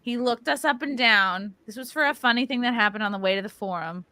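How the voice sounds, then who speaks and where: A woman's voice: a little high, brisk, clear, resonant tone, no echo. A woman in her thirties hosting a podcast, reading viewer comments aloud and telling stories with a playful, laughing manner. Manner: playful, laughing, animated storytelling. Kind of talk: casual chat.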